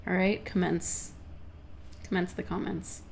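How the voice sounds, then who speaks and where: A young woman livestreaming, chatting casually and excitably with her viewers, swearing now and then. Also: fairly low pitch, a little slow, gravelly, slight background noise. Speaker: livestreamer answering chat questions. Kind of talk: casual chat.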